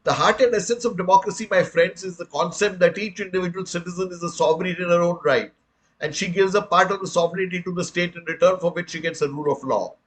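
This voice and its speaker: A man's voice: high-pitched, quick pace, rough recording. An older man from India with an Indian English accent, giving a public lecture in an earnest, emphatic way and addressing listeners as friends. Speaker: speaker on the right to information, retired commissioner.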